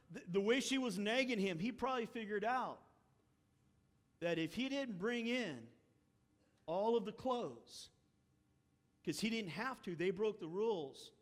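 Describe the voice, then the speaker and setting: A male pastor preaching a sermon and telling the story with animated energy, acting out the characters' lines. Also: sits high. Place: church sanctuary. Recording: long hall reverb.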